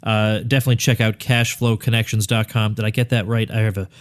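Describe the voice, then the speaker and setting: A man's voice: lowish voice, level tone, fast. A man hosting a podcast interview, with a radio-style voice, chatty and laughing easily. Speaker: podcast host. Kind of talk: casual interview chat.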